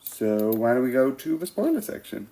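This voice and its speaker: A man's voice: medium pitch, big pitch swings, normal speed, warm tone, rough recording. A man rambling casually about TV episodes, laughing often and restarting his sentences as he goes. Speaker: vlogger reviewing TV episodes.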